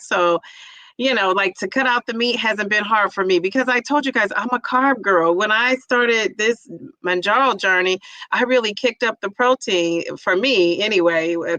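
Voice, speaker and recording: A middle-aged woman chatting casually on a livestream, telling animated stories to her viewers. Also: mid-range voice, dry recording. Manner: chatty, animated storytelling with laughs. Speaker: vlogger.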